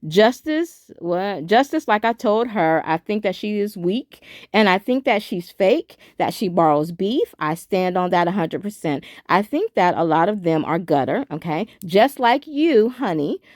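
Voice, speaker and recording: A woman's voice: medium pitch, unhurried, no room sound. Woman w/ aave doing drama commentary into her phone, voice bouncing up and down all over, cusses a lot, dry close sound. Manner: animated, cussing, talks to viewers as y'all. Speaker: commentary channel host. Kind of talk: casual commentary reading messages aloud.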